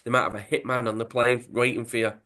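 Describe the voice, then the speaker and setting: Brief: dry, dismissive male footballer, low-key, voiced by a man. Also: flat delivery, fast, sharp tone, lightly acted. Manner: blunt, dry.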